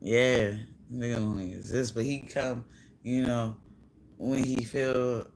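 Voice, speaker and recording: Gravelly, giggly woman ranting casually. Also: a bass voice, unhurried, slight background noise. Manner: profane, giggly, animated retelling with mimicked dialogue. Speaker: vlogger. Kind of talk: casual storytelling rant.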